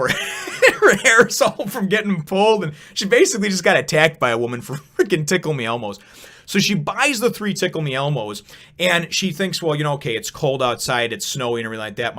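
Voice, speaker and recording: A man's voice: mid-range voice, a bit bright. A young man from Chicago telling a long, rambling personal story in a casual vlog, with frequent asides and swearing.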